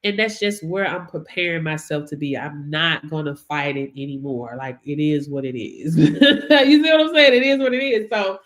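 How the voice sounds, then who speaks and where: A woman's voice: deep voice, expressive, normal speed, hardly any pauses, a bit bright. Chatty motivational woman on a live stream. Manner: chatty, repetitive, laughs often, asks "you see what I'm saying?". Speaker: business coach on a live audio stream.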